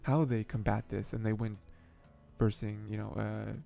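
A man's voice: on the low side, level tone, normal speed, gravelly, dark tone, faint music behind. A man hosting an anime podcast, recapping episodes in a rambling, chatty way with frequent chuckles and fillers. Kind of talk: casual episode recap and commentary.

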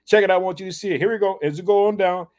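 A Bible teacher with a high, slightly mellow voice talks very fast as he reads scripture aloud, then stops to preach on it, fervently prodding his listeners with rhetorical questions.

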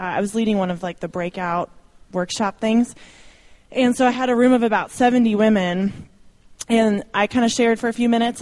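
In a church meeting room, a young adult woman talks informally to the congregation about ministry. Her mid-range voice has a darkish tone, and she's chatty and self-deprecating, dropping in light laughs.

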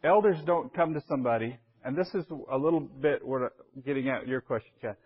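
A man leads a Bible class as an elder, talking in a relaxed, conversational way and often pausing to check that his listeners follow. His voice sits at an ordinary middle pitch. The recording sounds somewhat dull and lo-fi. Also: slightly rough. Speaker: church elder teaching a class.

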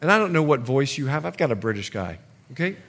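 A man preaching a sermon in an animated way, acting out little asides for the congregation. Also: medium pitch, fast talker. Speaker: pastor.

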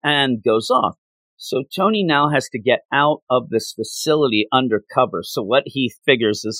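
Man, mid-pitch, casual animated recap, dry close mic. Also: no room sound. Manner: animated, jumps into quick voices for characters. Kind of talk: casual comic-book retelling.

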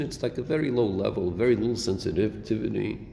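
A man with a lowish, creaky, warm-toned voice teaches Torah at a brisk pace, lecturing a class on a Chassidic text. Rhetorical questions and Hebrew terms pepper his English. The recording, made in a hall, is echoey with faint noise.

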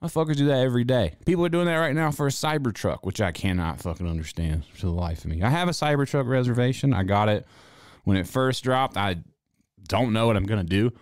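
A man's voice: mid-range voice, lively intonation, fast, clear, resonant tone, dry recording, clean studio sound. A young man streaming, ranting casually and sarcastically with plenty of swearing. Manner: sarcastic, swears freely, drawling asides. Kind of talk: casual profane rant.

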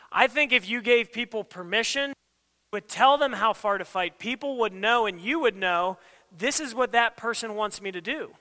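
A man preaching in a casual, emphatic way, slipping into quoted back-and-forth dialogue. His voice sits high, bright and clear. The sound rings with a long hall reverb. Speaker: pastor. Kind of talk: sermon.

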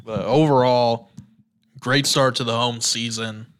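A man's voice: mid-range voice, steady tone, a little slow, fairly bright tone, clear, resonant tone. A young man co-hosting a casual college sports podcast, easygoing and agreeable, chuckling often.

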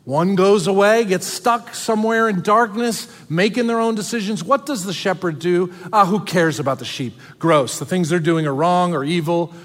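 A man preaching a sermon as pastor, earnest and dramatic, dropping suddenly soft for emphasis. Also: high voice, moderate pace, hardly any pauses, long reverb tail.

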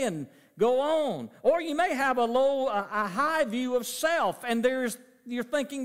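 A middle-aged male pastor preaching a sermon, swinging from loud emphasis to soft, low asides. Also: expressive, measured pace, few pauses. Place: church sanctuary. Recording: long church reverb.

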